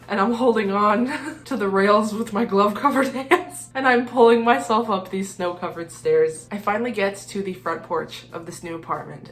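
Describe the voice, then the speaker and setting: Laughing, animated young woman vlogger. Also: lowish voice. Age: young adult. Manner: animated and exasperated, laughing often between lines. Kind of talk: storytime vlog.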